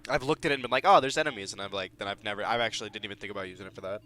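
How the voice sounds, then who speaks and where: A man's voice: on the low side, racing, sharp tone. A man playing a game while chatting with a friend, joking and swearing casually. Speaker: player. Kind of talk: casual gaming commentary.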